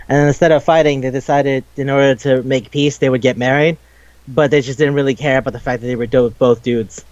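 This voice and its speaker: A man chatting casually about a video game, rambling and swearing as he acts out the characters' lines in quick bits. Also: mid-range voice, steady tone, darkish tone, no room sound, dull audio. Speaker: podcast co-host.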